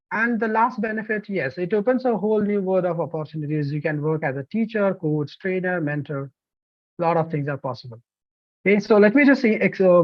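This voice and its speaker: High-voiced, animated male trainer. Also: no echo, dull audio. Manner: animated, emphatic, with frequent fillers. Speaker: TEFL trainer. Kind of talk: online course presentation.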